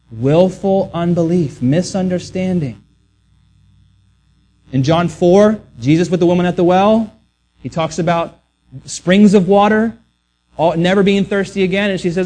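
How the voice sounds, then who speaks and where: A man's voice: high voice, moderate pace, darkish tone. A man preaching a sermon earnestly, often restarting words and acting out the voices he quotes. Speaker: pastor.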